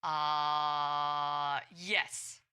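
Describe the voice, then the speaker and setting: A man playing a hesitant adult woman posing as a scam target on a phone call, full of pauses and fillers. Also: a little high, level tone, pushed and bright, clean tone, full character voice. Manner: hesitant, slow, full of uh and spelled-out letters. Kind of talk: scambait phone role-play.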